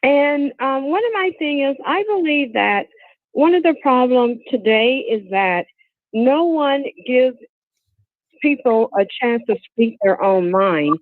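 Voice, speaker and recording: A woman's voice: high voice, lively intonation, slow pace, dry recording. A woman calling in to give her opinion, earnest and outspoken, asking the host directly. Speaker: caller. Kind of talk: call-in opinion. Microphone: phone. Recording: tinny phone line.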